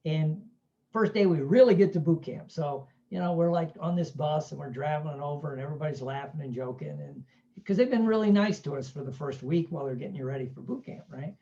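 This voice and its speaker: Man, self-help speaker, casual storytelling, keeps checking in with listeners; mellow tone, slightly muffled recording. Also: fairly high pitch, fairly quick, creaky. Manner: chatty, keeps asking "right?", acts out quoted voices.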